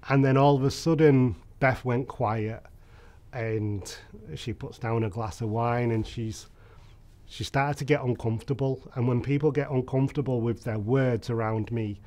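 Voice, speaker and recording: Speaking at a middle pitch, a man in his thirties shares his personal story during an interview. He is open and thoughtful, frequently stopping on gentle filler sounds.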